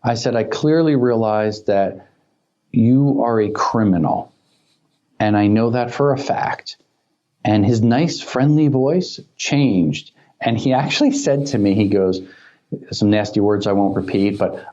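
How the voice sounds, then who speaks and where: A man's voice: on the low side, unhurried, highs cut off. A man talking as a cybersecurity expert guest on a podcast, telling stories and acting out quoted dialogue. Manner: animated storyteller who acts out quoted dialogue. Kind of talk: conversational podcast interview.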